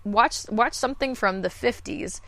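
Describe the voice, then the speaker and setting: A woman's voice: fairly high pitch, normal speed, sharp tone, no room sound. A woman in her thirties, a voice actor guest, talking candidly and self-deprecatingly in a rambling podcast chat. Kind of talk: casual podcast conversation.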